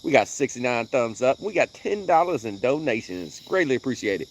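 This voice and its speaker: This livestream host is fishing from a riverbank after dark, chatting casually with his viewers in relaxed slang and laughing frequently. He speaks at a medium pitch with a sing-song lilt, at normal speed and with few pauses, over slight background noise.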